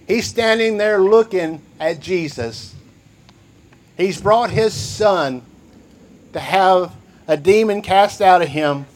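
A man's voice: high-pitched, slow, long pauses. A man preaching a sermon, reading scripture and repeating key phrases for emphasis. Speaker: pastor.

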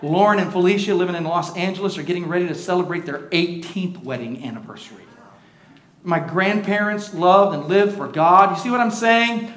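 An older male pastor delivers a sermon with a high, bright, forceful voice. He calls on the congregation to answer back and climbs into shouted exhortations. The sound rings around an echoey church hall. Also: fairly quick. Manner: preaching with call-and-response, rising to shouts. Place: church sanctuary.

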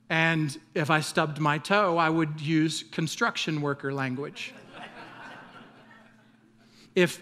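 A man's voice: high voice, pushed and bright. Man preaching a casual sermon. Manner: conversational preaching with humor and asides. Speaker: pastor.

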